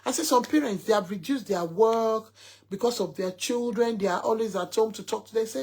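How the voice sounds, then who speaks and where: A woman's voice: fairly high pitch, fairly quick, a little mellow. A woman telling an emphatic story, quoting her son at length as she talks to her followers. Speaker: mother sharing a story. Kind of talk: casual talk to followers.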